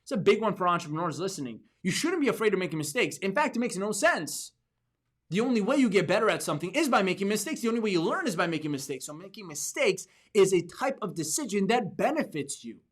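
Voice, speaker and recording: A man's voice: high-pitched, sing-song, quick pace, a bit bright, slightly rough. A man hosting a podcast for entrepreneurs, giving a motivational talk with emphatic repeats and restarts. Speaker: podcast host.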